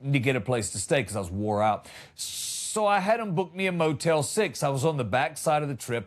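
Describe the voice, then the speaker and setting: A man from Georgia, telling comic stories on a podcast and acting out the people in them. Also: high-pitched. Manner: animated, drawling, acts out voices. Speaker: comedian host. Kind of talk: comedic storytelling.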